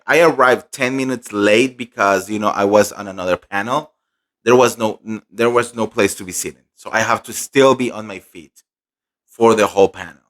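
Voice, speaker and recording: A young man recapping a fan convention in casual, gossipy chat, animated and full of fillers. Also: on the low side, normal speed. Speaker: pop culture vlogger.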